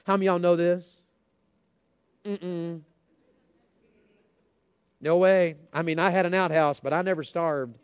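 Folksy preacher, high voice. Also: male voice, fairly even intonation, measured pace, pauses often, clean tone, dry recording. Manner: folksy storytelling, calls out to congregation. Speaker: pastor. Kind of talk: sermon.

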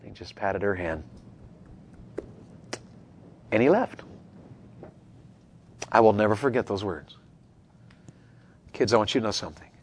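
A middle-aged man, preaching a sermon to young people in an earnest voice that swings from loud urging to hushed tenderness. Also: fairly low pitch, animated, unhurried, pauses often, slight background noise. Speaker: pastor.

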